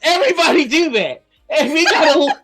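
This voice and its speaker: A woman's voice: sits high, moderate pace, faint music behind. A woman co-hosting a casual stream chat, laughing often and swearing freely. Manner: laughing often, profane and animated.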